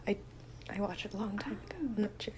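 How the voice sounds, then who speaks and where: A young woman co-hosting a podcast, chatting casually, laughing and trailing off into soft murmurs. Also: medium pitch, lively intonation, fast. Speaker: podcast co-host. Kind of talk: casual chat.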